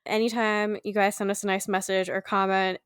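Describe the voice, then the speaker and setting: A woman's voice: mid-range voice, level tone, brisk, fairly bright tone, smooth, no room sound, clean studio sound. Stuffy-voiced woman chatting casually. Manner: chatty, laughs easily, many fillers. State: stuffy from a cold. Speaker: podcast co-host. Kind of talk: casual chat.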